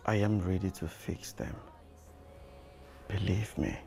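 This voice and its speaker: A man's voice: low-pitched, takes it slowly, gravelly, a little mellow, exaggerated voice. A man playing a remorseful husband earnestly pleading with his wife for a second chance. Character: remorseful young husband begging for forgiveness.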